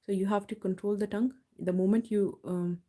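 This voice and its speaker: A woman teaching Quran recitation in a live online lesson. She patiently explains each rule step by step and slowly demonstrates the pronunciation. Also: medium pitch, steady tone, warm tone. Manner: slow, drawn-out model recitation between explanations.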